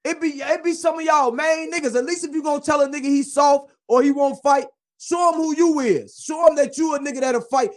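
High-voiced man ranting on a call. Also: brisk, few pauses. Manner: preachy, emphatic, at times shouting. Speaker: caller. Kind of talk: heated call-in rant.

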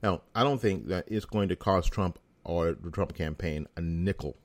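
A middle-aged man talks in a very low, deep voice, blunt and sarcastic with a folksy edge. He is an American talk show host riffing through an opinion monologue. The sound is dry and close, with no room around it. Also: moderate pace, no room sound.

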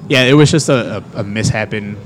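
A man's voice: lowish voice, a little fast, background noise. A young man, a wrestler, telling a story in a casual interview, rambling with lots of fillers and acting out quotes. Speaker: professional wrestler.

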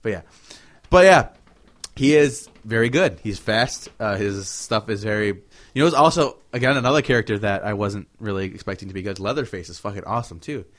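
A man's voice: on the low side, expressive, a little fast. A man hosting a casual, rambling chat about video games, swearing freely.

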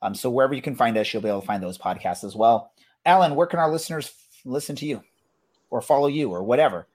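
A man's voice: medium pitch, animated, fast, darkish tone, husky. A man hosting a casual soccer podcast, talking in a loose, rambling way full of fillers. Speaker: podcast host.

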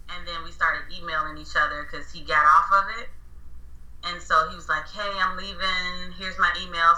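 A woman telling a story in a casual, animated way, often correcting herself as she acts out what people said. Her voice is very bright. She sits back from the mic in an echoey room. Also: deep voice, distant mic. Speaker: guest storyteller.

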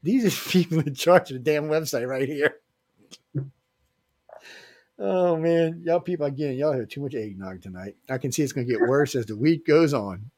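A man's voice: fairly high pitch, animated, normal speed, a little mellow, no room sound. A man hosting a casual radio show, joking and rambling with filler restarts. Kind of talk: casual live radio chat.

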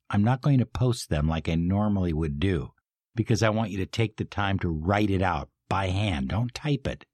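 A man speaking as a life coach in a motivational talk, leading affirmations and shifting from emphatic, pumped-up lines to soft, slow ones. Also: deep voice, breathy edge, no echo, clean studio sound.

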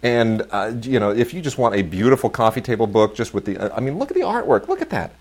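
A man's voice: mid-range voice, big pitch swings, fast talker. A middle-aged man hosting a casual chat about new releases, rambling with many fillers and restarts, gushing with enthusiasm. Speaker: host.

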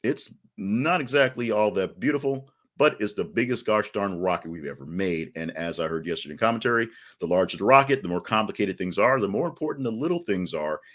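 Male podcast host, deep voice, chatty news rundown with wry asides. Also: expressive, fairly quick, few pauses, a bit bright. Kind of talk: casual news commentary.

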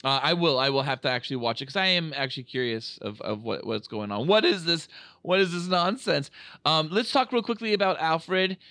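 A man hosting a casual movie review podcast, talking in an animated, jokey way with plenty of swearing. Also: on the high side, a little fast, dry recording. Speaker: podcast host. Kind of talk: casual film review chat.

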